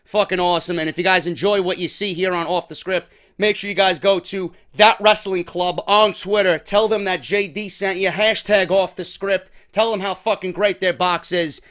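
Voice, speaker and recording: High, bright-voiced swearing New York man. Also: normal speed, few pauses. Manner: heavy swearing, excitable. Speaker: wrestling show host. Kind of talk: casual unboxing chat.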